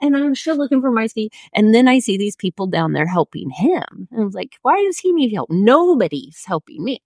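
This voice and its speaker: A middle-aged woman tells a story on her podcast with a bright, fairly high voice that swoops up and down. She laughs often and cuts herself off mid-sentence. The sound is close and dry, with no room around it. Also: brisk, no room sound. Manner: animated, laughing often, with self-interruptions. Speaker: podcast co-host. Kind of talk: casual storytelling.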